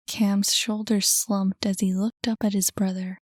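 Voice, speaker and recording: A woman narrating an audiobook in a measured, calm way. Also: mid-range voice, dry recording, studio quality. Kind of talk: scripted narration.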